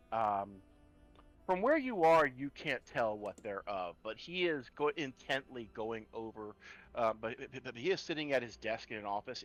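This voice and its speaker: A man acting as game master for a tabletop horror game speaks hesitantly, frequently stalling on fillers and restarting his sentences. His mid-range voice is a bit bright, and the recording has a lo-fi sound.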